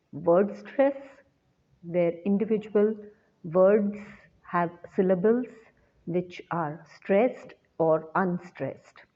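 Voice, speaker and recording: A woman teaching an English lesson in a measured, deliberate way, repeating her key points. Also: mid-range voice. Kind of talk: slow lecture. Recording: dull lo-fi recording.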